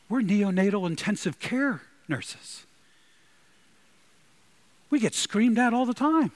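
A man preaching a sermon, emphatic and animated, with sudden loud bursts. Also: sits high, slow pace, long pauses. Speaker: pastor.

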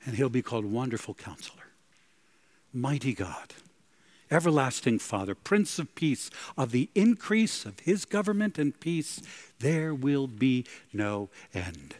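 A man preaching from the pulpit, his pitch rising and falling in lively sweeps. He takes his time, leaning on each phrase and breaking into sudden gasps of wonder. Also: measured pace. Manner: dramatic, with sudden gasps and soaring emphatic peaks. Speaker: pastor. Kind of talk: sermon.

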